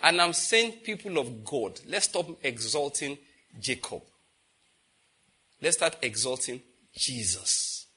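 A man preaching a sermon emphatically, asking the congregation questions and swinging from loud declarations to quiet intensity. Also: medium pitch, big pitch swings, slow pace, long pauses, slightly rough. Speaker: pastor.

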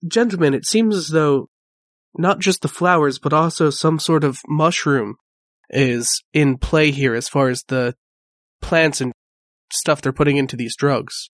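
A man's voice: a little high, a little slow, natural voice. A formal, scholarly male investigator in a tabletop game, as a man puts him on, speaking politely and precisely. The sound is dry and close, with no room echo. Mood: explaining. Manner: formal, explanatory address.

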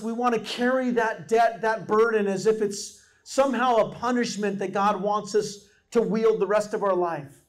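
A man preaches a sermon in a very high voice. He is animated and acts out the people in the stories he tells. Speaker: pastor.

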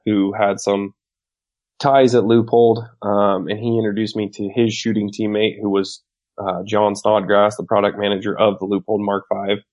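A man guest on a podcast, telling a story in a loud, outgoing, wisecracking way. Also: lowish voice. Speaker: podcast guest, competitive shooter. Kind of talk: casual storytelling. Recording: muffled lo-fi sound.

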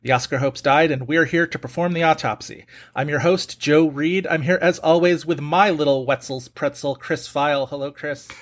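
A man's voice: fairly high pitch, normal speed, few pauses. Chatty male podcast host. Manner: chatty, joking, with fillers. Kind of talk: casual podcast chat.

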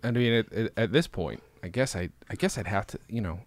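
A man with a low voice that swings lively up and down, rambling through a loose, profane chat. He is co-hosting a podcast over drinks. The sound is close and dry. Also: fairly quick, dry recording. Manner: rambling, profane, lots of fillers. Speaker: podcast co-host. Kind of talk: casual chat while drinking. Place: Los Angeles.

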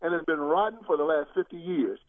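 A man's voice: brisk, no echo. Older man preaching hard over a phone line. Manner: preacherly, emphatic, with sweeping rises in pitch. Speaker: guest commentator. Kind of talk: political talk show conversation.

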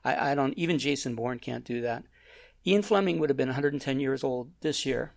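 A man's voice: mid-range voice, brisk, gravelly, a little mellow. A man hosting a casual film chat, rambling and restarting his sentences. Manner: rambling, self-interrupting.

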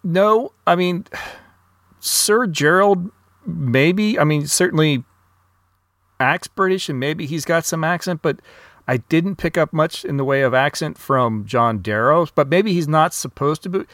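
A man's voice: on the high side, a little slow, a bit bright, dry recording. Tentative man in a dry-sounding recording. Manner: tentative, hedging. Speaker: podcast co-host. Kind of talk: casual film discussion.

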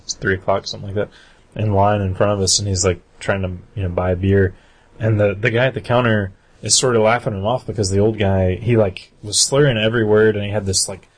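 A man's voice: on the low side, slightly rough. A man co-hosting a casual podcast, telling a rambling story with frequent laughter. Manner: rambling storyteller, laughs often, acts out quotes. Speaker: podcast co-host. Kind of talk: casual chat.

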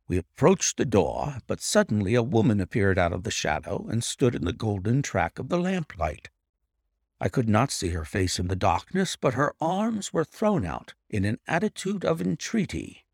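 Man, story narrator, expressive reading, dry close sound, slight rasp. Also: lowish voice, normal speed, no room sound.

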